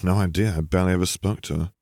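Man reading young wizard, wry humor, deep voice, dead dry. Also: fairly even intonation, racing, a little mellow, dry recording.

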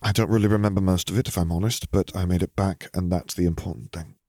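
A man's voice: deep voice, steady tone, fast talker, warm tone, no room sound, clean studio sound. A man voicing an earnest, wry young man in a storybook reading.

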